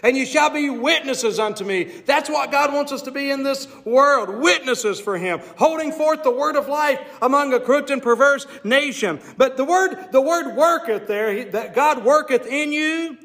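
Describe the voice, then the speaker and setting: High-voiced preaching man. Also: moderate pace, few pauses, a bit bright. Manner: preaching with call-and-response "Amen?"; reads King James scripture aloud. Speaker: pastor. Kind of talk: sermon.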